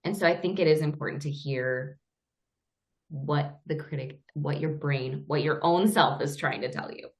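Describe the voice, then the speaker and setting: A woman's voice: low-pitched, moderate pace. A woman co-hosting a podcast, talking in a reflective, conversational way. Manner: reflective, conversational, uses "like" and "right". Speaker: podcast co-host.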